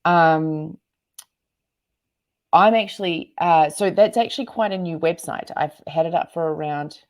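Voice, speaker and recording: A woman from New Zealand, a guest entrepreneur in a casual interview, talking in a bubbly, animated way with sudden high exclamations. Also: measured pace.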